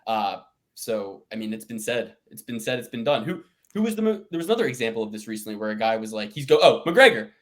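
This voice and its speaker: A man's voice: on the low side, big pitch swings, fast talker, a bit bright. A man co-hosting a podcast, rambling in a casual chat and swearing often as he rants. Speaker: podcast co-host.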